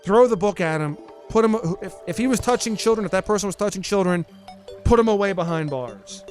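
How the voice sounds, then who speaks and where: Guy streamer rambling to chat mid-game, kinda high voice, bit of game music under it. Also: animated, brisk, a little mellow. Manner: chatty, reads and answers chat, frequent restarts. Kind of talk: casual live-stream chat while gaming.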